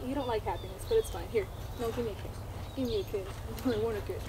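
Talking fast in a high-leaning voice, a woman films a casual vlog outdoors with her horse, addressing both the animal and her viewers. She's playful and giggles between lines, captured by a camera mic a few steps off with background noise.

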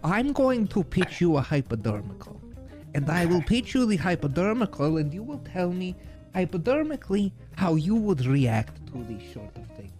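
A man's voice: high-pitched, very animated, normal speed, darkish tone, faint music behind. A man improvising a bumbling psychologist in a role-play, stammering and mangling his words, and turning snide and scornful. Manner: snide and scornful about the client.

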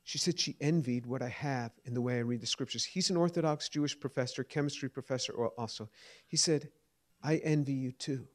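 A man's voice: mid-range voice, quick pace. A man in his fifties giving earnest answers to audience questions at a lecture, often restarting words. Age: 50s.

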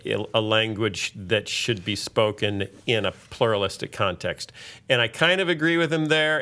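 A man hosts a casual podcast chat, talking in an animated way and reading listener letters aloud with joking asides. His voice sits at an ordinary middle pitch, and he sounds like he is on a studio mic. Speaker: podcast host.

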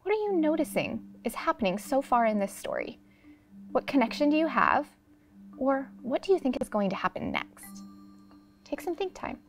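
A woman teacher reading a picture book aloud to young students, giving the characters voices and pausing to prompt their thinking. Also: high voice, faint music behind. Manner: expressive storybook reading with voices. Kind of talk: classroom read-aloud lesson. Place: studio classroom.

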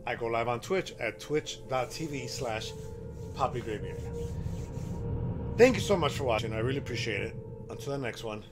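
Jumpy, animated man gaming host. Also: medium pitch, normal speed, long pauses, over music. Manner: jumpy, excitable reactions, talks to himself. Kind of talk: horror game playthrough commentary.

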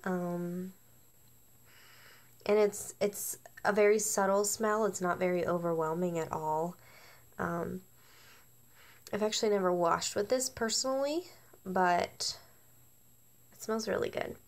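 A woman's voice: on the low side, fairly even intonation, slow, long pauses. Bubbly woman reviewing a product. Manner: bubbly and chatty, with playful asides. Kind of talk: casual product review vlog.

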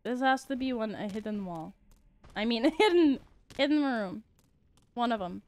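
A woman's voice: a little high, expressive, moderate pace, darkish tone, no room sound. A woman streaming a game, chatting playfully with viewers and giggling often. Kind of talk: casual gaming commentary.

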